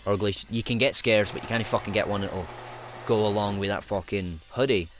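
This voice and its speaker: A man's voice: on the low side, fairly quick, slight background noise. A young Scottish man with a Scottish accent, giving sweary, rowdy commentary over his gameplay. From Scotland. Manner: sweary, rowdy, shouts at the game. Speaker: gaming YouTuber.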